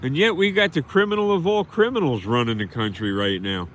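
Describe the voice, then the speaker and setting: A man's voice: mid-range voice, brisk, a bit bright, a little hiss or hum. A man hosting a livestream, ranting bitterly and scornfully and repeating himself in a rambling monologue. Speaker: livestream host.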